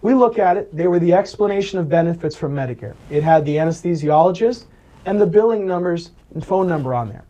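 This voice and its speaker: Storytelling man with a mellow voice. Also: on the high side, animated, quick pace, dull audio. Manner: storytelling, acts out quoted voices, frequent "right?". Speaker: Medicare advisor, interview guest. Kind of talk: conversational interview.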